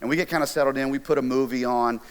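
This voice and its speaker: A middle-aged man preaching to a college ministry, telling a personal story in an animated, conversational way with jokey asides. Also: mid-range voice, very fast, clear, resonant tone. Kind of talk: storytelling sermon.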